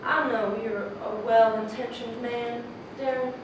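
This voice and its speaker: A woman acts out an independent, sharp-tongued frontier woman who speaks firmly in a stage western. Her voice is a touch high and sounds far off in a very echoey space. Noise is clear in the background. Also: steady tone, a little slow, lightly acted. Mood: defiant. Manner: firm, defiant. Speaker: actor. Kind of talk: stage drama performance. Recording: roomy stage audio from a distant mic with noise.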